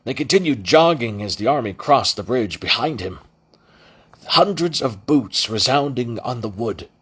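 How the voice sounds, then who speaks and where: A man's voice: medium pitch, animated, unhurried, fairly bright tone, slightly rough. A man reading a novel aloud as an amateur audiobook narrator, with frequent restarts and self-corrections. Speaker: audiobook reader.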